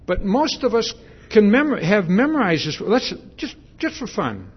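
A man's voice: sits high, sing-song, normal speed, slightly rough, lo-fi sound. A man preaching a sermon in a conversational way, with many fillers and restarts, and asking the congregation questions.

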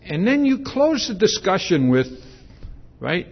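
Male preacher, unhurried and chatty, stops to ask the congregation questions; muffled lo-fi recording. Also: high voice, big pitch swings, slightly rough. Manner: conversational, with many fillers and restarts. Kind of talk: sermon.

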